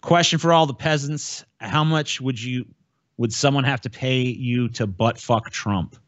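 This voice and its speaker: A man's voice: mid-range voice, a little slow, a bit bright, no room sound. A man co-hosting a podcast, rambling and swearing as he jokes and reads donations. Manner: profane, rambling, joking. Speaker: podcast co-host reading donations. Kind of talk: crude casual podcast banter. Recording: dull lo-fi mic.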